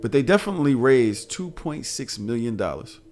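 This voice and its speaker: A man hosting a podcast in casual, profane chat, animated and often laughing. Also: mid-range voice, moderate pace, soft background music. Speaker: podcast host.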